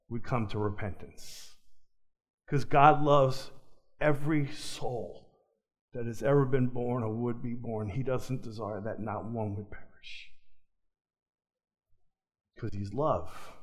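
A man preaching a sermon, swinging from loud emphatic peaks to soft, low asides, with a chuckle now and then.

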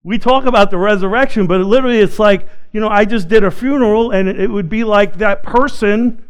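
High-voiced preaching man. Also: a little fast, clean tone. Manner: expressive preaching that swings from loud to hushed. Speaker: pastor. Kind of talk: sermon.

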